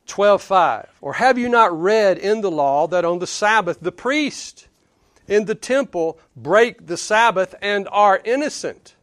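A man's voice: medium pitch, fairly bright tone. A man with a Southern US accent preaching a sermon in a conversational, emphatic way, chuckling between points. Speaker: pastor.

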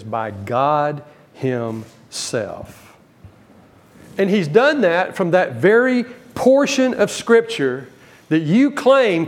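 Man, preacher, Bible teaching sermon, emphatic, fairly high voice. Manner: emphatic, rising to stress key words then dropping low.

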